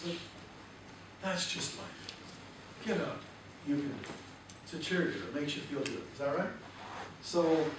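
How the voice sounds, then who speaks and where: A man speaking as a motivational seminar speaker in a lively way and asking the audience questions. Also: a little high. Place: large hall with audience. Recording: echoey hall, distant mic, noisy.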